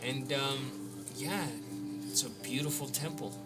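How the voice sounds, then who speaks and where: A man's voice: medium pitch, steady tone, unhurried. A man narrating as game master, playful and laughing often. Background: background music.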